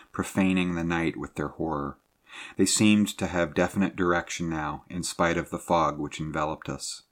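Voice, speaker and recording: Deep-voiced male audiobook narrator. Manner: measured, dramatic storytelling.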